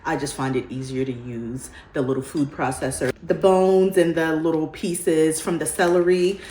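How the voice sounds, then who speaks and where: A woman's voice: sits low, fairly even intonation, moderate pace, warm tone. A middle-aged woman chatting casually through a home cooking tutorial, homey and laughing easily, saying "y'all" and "child.". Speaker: cooking vlogger. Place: home kitchen. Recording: roomy kitchen echo, clear background noise.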